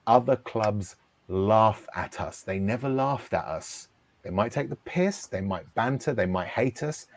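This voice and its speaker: A man's voice: on the low side, darkish tone, dry recording. A man ranting emphatically on a football podcast, hammering his points and asking "okay?" again and again. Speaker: podcast host. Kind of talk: heated football talk.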